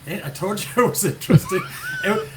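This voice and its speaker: A man's voice: high-pitched, fast talker, poor audio. An Irish man talking as a podcast guest, chatty and joking as he tells stories. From Ireland. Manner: chatty, joking, relaxed storyteller. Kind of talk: casual interview chat. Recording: loud background noise.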